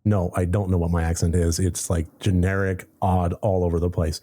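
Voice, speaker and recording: A man's voice: low voice, flat delivery, moderate pace, few pauses, dark tone. A man playing a story game, reading its text aloud and making wry, sarcastic asides. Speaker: let's play gamer.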